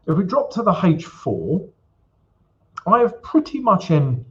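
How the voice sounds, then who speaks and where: Guy hosting a forex live stream, super chatty, lots of ums and "guys", mid pitch, kinda dull lo-fi sound. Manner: chatty, keeps calling the audience "guys", many fillers. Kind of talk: casual live-stream chat and chart walkthrough.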